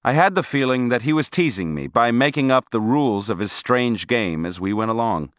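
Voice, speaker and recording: Animated male audiobook narrator. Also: medium pitch, a little fast, dry recording, clean studio sound. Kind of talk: scripted first-person narration.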